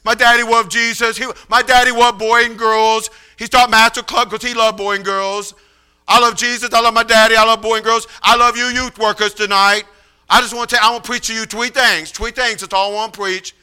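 An earnest young man preaches to a packed room, voiced by a male preacher. His voice sits high and sounds bright and clear. He speaks in short, simple phrases and keeps returning to the same few words. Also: little pitch movement, brisk, full character voice. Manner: simple repeated phrases, heartfelt.

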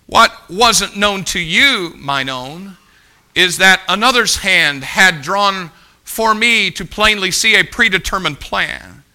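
A man preaching a sermon as pastor, reading a poem aloud slowly and expressively, swinging between loud emphatic lines and soft, low ones. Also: clear, resonant tone.

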